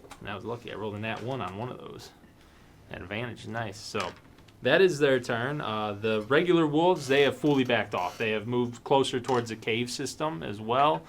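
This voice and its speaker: A man running a tabletop game as game master, casual and quick to laugh, swearing now and then. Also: mid-range voice, slight background noise.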